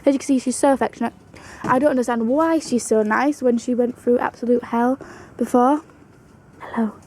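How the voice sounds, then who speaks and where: A woman's voice: on the high side, brisk, a little mellow, faint music behind, low-quality recording. A young woman vlogging at home about her pet rabbit in a chatty, fond way, now and then cooing to the animal. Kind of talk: casual storytelling to camera.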